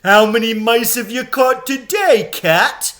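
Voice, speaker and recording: A man voicing a jeering mob of hags, dwarves and apes in a read-aloud storybook, with high, mocking taunts. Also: takes it slowly, a bit bright, heavily acted.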